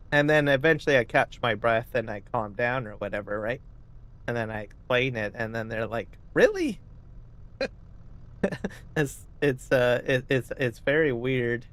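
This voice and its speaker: A man streaming a farming game, chatting casually and rambling, often asking "right?" and clearing his throat. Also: mid-range voice, a bit bright. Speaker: gaming streamer. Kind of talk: casual live-stream chat.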